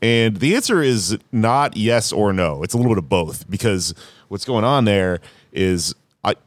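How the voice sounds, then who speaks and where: A man's voice: fairly low pitch, animated, normal speed, no room sound. A man talking casually on a podcast, rambling and swearing with lots of fillers. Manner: rambling, profane, many fillers. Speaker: comedian podcast host.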